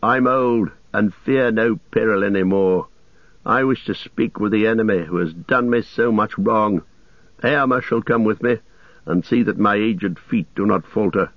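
A proud old king speaks gravely and resolutely in a low, dry voice, as a male narrator reads him. The storybook recording sounds dull and lo-fi. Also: a little slow, no echo.

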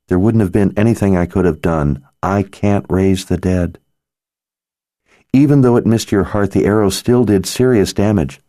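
A man's voice: on the low side, dark tone, no room sound, studio quality, voice pushed up, lightly acted. A man voicing an earnest young sorceress. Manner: earnest, pleading. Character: earnest worried young female sorceress healer.

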